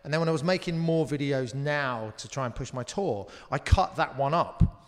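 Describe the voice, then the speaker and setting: A British man, a comedian guest on a live talk show, telling a lively anecdote and slipping into quoted voices, with casual swearing. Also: medium pitch, moderate pace. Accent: British English. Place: live venue stage. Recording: long reverb of a live venue.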